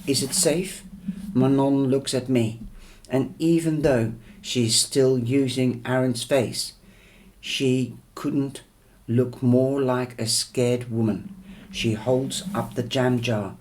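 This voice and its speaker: A man's voice: mid-range voice, fairly even intonation, takes it slowly, a little mellow. A man reading a novel chapter aloud, with small slips and restarts. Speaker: audiobook reader.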